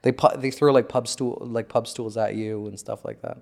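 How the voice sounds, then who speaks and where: A man's voice: medium pitch, steady tone, moderate pace, gravelly, darkish tone. Blunt, foul-mouthed man hosting. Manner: blunt, swearing, mocking. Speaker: podcast host. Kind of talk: casual chat.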